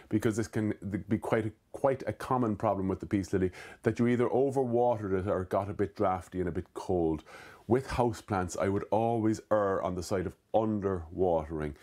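A man's voice: lowish voice, mellow. A man from Cork with an Irish accent, hosting a casual gardening question show and chatting through viewers' queries, often correcting himself mid-sentence. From Ireland. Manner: chatty, self-correcting, with fillers and restarts. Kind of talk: casual live Q&A.

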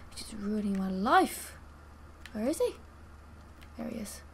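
A woman's voice: a little high, very animated, normal speed, long pauses, a little hiss or hum. A young woman giving gameplay commentary as she plays, swearing and bursting out in frustration. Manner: swearing, frustrated outbursts and screams. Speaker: gaming video creator.

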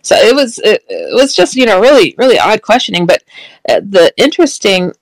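Woman guest, gravelly fry, dry close sound, animated storyteller who acts out the dialogue. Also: mid-range voice, fairly quick, no room sound, poor audio. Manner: animated, quotes dialogue, laughs often, frequent restarts. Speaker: guest recounting a paranormal experience. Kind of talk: casual storytelling.

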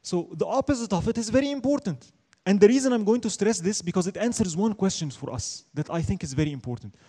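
A man teaching a religion class in an emphatic lecturing style, often asking a question and answering it himself. His voice sits high for a man but sounds dark and mellow in tone. He recites Arabic verses at a quick clip. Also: animated. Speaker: Islamic studies teacher.

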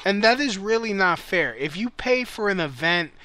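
A man's voice: high-pitched, lively intonation, moderate pace, bright, forceful tone, no room sound, some chatter behind. A man hosting a call-in show, ranting bluntly in casual, profane talk. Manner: heated, blunt, swears a lot.

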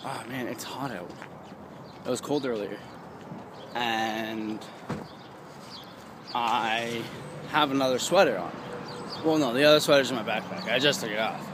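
A young man vlogging outdoors in a casual, rambling rant, animated and prone to high mocking squeals. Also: measured pace, pauses often. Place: outdoors, walking in town. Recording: outdoor street noise behind.

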